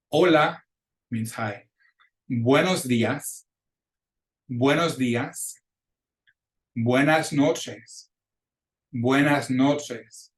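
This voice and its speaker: A man teaching a beginning Spanish lesson, patiently explaining rules and modeling each word slowly before repeating it. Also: mid-range voice, poor audio. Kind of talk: recorded classroom lecture.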